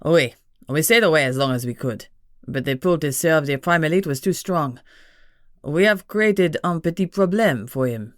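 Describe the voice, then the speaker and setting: A woman's voice: sits low, expressive, moderate pace, dry recording, clean studio sound. A woman voicing a cheeky, crude male winged gargoyle with a French accent, teasing and drawling. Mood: grim.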